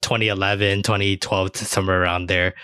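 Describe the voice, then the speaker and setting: Bright-voiced, low man on a podcast. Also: level tone, fast talker, clean tone, no echo, clean studio sound. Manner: rambling, swears freely, many fillers. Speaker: podcast co-host. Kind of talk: casual chat.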